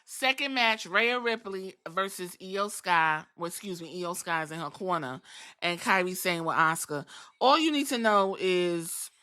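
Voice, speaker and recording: Femme vive et crue qui raconte la lutte. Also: female voice, lowish voice, measured pace. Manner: animated, profane storytelling. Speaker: podcast host. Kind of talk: casual wrestling recap.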